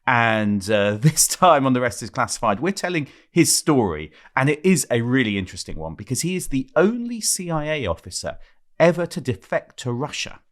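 A man co-hosting a podcast, reading a memoir passage aloud and then chatting in a measured way. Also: medium pitch, sing-song. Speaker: podcast co-host.

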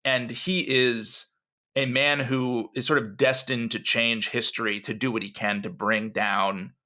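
A man co-hosting a history podcast, telling the story in an animated, conversational way with frequent asides. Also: medium pitch, unhurried. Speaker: podcast co-host.

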